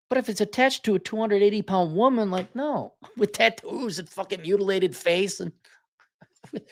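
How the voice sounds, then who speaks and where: A man's voice: high-pitched, very animated, normal speed. A man hosting a show, talking in a blunt, profane, sarcastic casual monologue and reading out viewer comments. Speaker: host.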